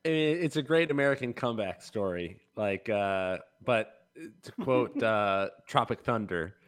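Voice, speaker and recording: A man's voice: on the low side, a little slow. A young man co-hosting a casual podcast as the intern, cracking jokes and heckling playfully.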